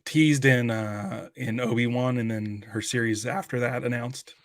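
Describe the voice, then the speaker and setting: A man in casual podcast chat who talks haltingly, restarting his sentences. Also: mid-range voice, steady tone, no echo, studio quality. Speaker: podcast co-host.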